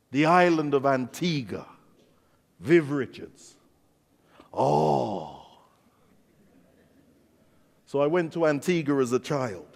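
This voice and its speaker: A man with an English accent preaching a sermon as a pastor, telling stories in an animated way and acting out the dialogue. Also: medium pitch, creaky. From England. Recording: long reverb of a large hall.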